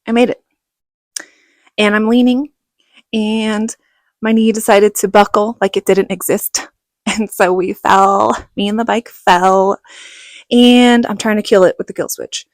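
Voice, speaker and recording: A middle-aged woman telling a personal story in a casual vlog, animated and laughing, acting out what others said. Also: medium pitch, slow pace, pauses often, no echo. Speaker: vlogger.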